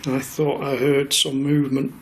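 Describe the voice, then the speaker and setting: A man investigating alone in a pub cellar, calling out to spirits in a coaxing, hushed way while filming himself. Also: medium pitch, completely flat delivery, moderate pace, low-quality recording. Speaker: paranormal investigator. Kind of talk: solo ghost-hunt narration. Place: pub cellar with beer kegs. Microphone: self-filmed camera mic.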